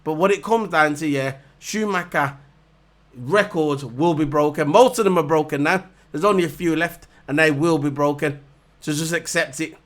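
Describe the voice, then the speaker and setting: Casting note: man, high voice, heated mocking vlog rant full of repetition. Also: moderate pace. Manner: heated, repetitive, mocking, hammers points over and over. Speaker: vlogger reviewing races. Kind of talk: ranting casual monologue to camera.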